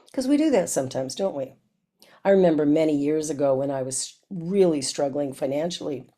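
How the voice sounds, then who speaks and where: A woman's voice: low-pitched, warm tone. A woman minister giving a reflective sermon that asks the listener many questions.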